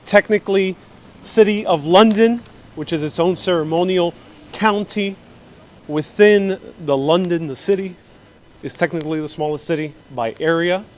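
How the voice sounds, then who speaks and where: Chatty higher-voiced man on a street walk. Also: normal speed. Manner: chatty, joking, addresses viewers directly. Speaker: travel vlogger host. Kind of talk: live walking-tour vlog. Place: outdoor city streets, walking.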